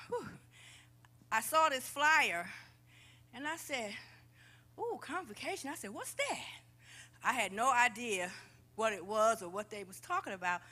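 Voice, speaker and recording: Woman church member, out of breath, high bright voice jumping all over, gushing testimony. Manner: excited, gushing. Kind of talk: spoken testimony. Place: church sanctuary.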